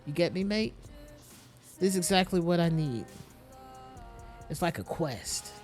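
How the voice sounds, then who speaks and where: A streamer voicing a chummy young male gamer customer, loud and full of slang. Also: medium pitch, animated, measured pace, faint music behind, close to an everyday voice. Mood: chummy, pushy. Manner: laddish slang, calls everyone mate. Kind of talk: reading game dialogue aloud.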